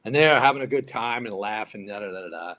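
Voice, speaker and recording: A man's voice: lowish voice, fast talker. A man in his fifties, a retired firefighter turned actor, telling stories as a podcast guest and acting out what people said. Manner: animated storyteller acting out others' lines. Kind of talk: casual storytelling.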